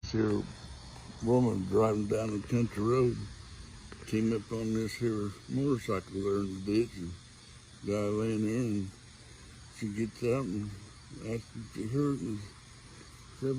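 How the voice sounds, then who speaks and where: A man's voice: lowish voice, fairly even intonation, measured pace, gravelly, pauses often, warm tone, a little hiss or hum, low-quality recording. An older man telling dirty jokes outdoors in a folksy, rambling way, leaning on lots of "well"s. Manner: folksy rambling delivery with many wells. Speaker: joke teller.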